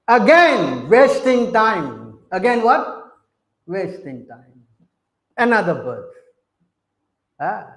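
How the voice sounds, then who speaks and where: A man's voice: a little high, reverberant, rough recording. A man preaching a sermon, emphatic, keeps asking his listeners questions. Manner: questions the audience again and again.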